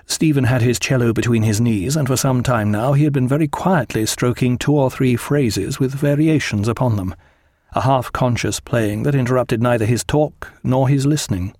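A man narrating a historical sea novel as an audiobook, measured and expressive. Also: mid-range voice, dry recording, studio quality.

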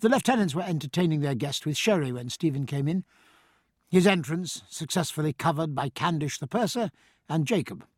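A male audiobook narrator reads with a lively, rising and falling delivery. His voice is slightly husky, and the close recording is dry with no room sound. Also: a little high, no room sound. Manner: measured, expressive storytelling. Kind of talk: scripted narration.

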